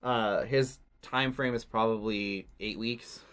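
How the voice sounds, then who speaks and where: A man's voice: lowish voice, steady tone, slow pace, fairly bright tone. Male podcast co-host, casual and jokey, loose rambling delivery. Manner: joking, rambling, swears casually.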